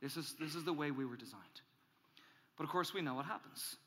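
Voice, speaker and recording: A male pastor preaching a sermon, animated and emphatic, acting out angry inner voices as he builds. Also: fairly quick. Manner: animated, acts out angry inner voices, rises in pitch and volume when emphatic. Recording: hall reverb.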